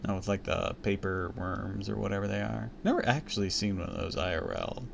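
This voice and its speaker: A man's voice: lowish voice, a little fast, creaky, highs cut off, slight background noise. A man reading a children's book aloud on a stream, breaking off with crude, joking asides. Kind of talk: casual read-aloud with commentary.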